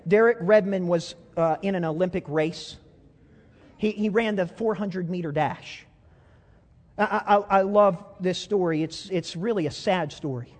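Male pastor, high voice, fervent storytelling sermon, echoey church hall, stumbles and repeats words. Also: normal speed. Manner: impassioned storytelling, swings from loud to hushed. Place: church stage.

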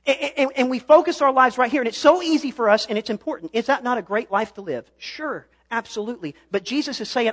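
Young male preacher, high voice, storytelling sermon that swells to shouting. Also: animated, fast, few pauses. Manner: storytelling, builds to impassioned shouting. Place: church stage.

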